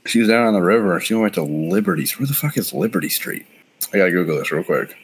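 A man's voice: low voice, animated, fast talker, creaky, slightly rough. A man in his thirties in casual chat, rambling through stories, laughing often and swearing. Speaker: friend chatting.

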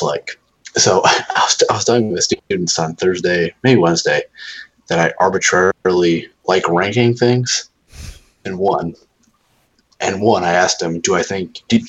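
A man's voice: sits low, normal speed, breathy edge, dull audio. A young man chatting casually as a podcast co-host, telling rambling, profane stories. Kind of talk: casual chat.

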